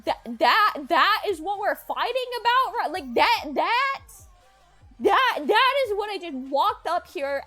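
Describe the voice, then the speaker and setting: Young adult woman streamer, bright high register, heated storytime delivery, profane, animated re-enactments. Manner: agitated, swears, acts out quotes in raised voice. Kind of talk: emotional storytime chat.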